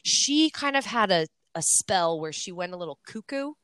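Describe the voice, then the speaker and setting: A woman in her forties from Southern California, telling stories in a casual, animated chat and cursing freely. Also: mid-range voice, moderate pace, smooth, no room sound. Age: 40s. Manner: chatty, animated storyteller who curses freely.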